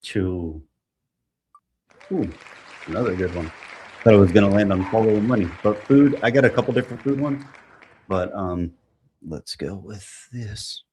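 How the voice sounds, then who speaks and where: A man hosting a solo podcast, reading posts aloud and thinking out loud in a halting, rambling way with plenty of fillers. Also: lowish voice, a faint crowd, a little hiss or hum. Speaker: podcast host.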